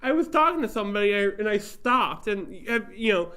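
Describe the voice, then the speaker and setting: A man's voice: high voice, expressive, a little fast, sharp tone. A young man with an Ohio accent, rambling and swearing in a casual podcast chat. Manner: rambling, swears a lot, laughs often. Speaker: podcast co-host.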